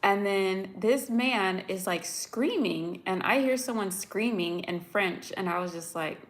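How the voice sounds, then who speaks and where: A woman's voice: mid-range voice, measured pace. Chatty young American woman telling a story. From United States. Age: young adult. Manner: chatty, animated, many "like"s, addresses viewers directly. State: upset, near tears. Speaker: vlogger. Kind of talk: casual storytelling to live viewers.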